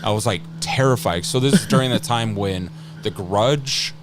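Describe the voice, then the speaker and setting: A man in his thirties talks through a story as a podcast guest, his voice sitting a bit low. He rambles and stops and restarts constantly, dropping casual curse words as he goes. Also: slight background noise. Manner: rambling, halting, with frequent restarts and casual swearing. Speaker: podcast guest, scare actor.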